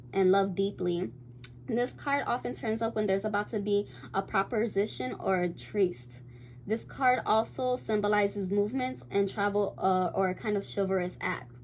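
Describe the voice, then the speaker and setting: Excitable, swearing woman tarot reader. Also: medium pitch, slight background noise, poor audio. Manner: chatty, bursts into excited squeals, swears freely; reads card meanings aloud between loose slangy asides. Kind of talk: casual tarot reading to camera.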